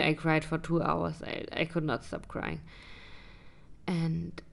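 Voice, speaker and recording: Low, gravelly woman recounting a retreat. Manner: hesitant, searching for words. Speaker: vlogger. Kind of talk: personal reflective vlog.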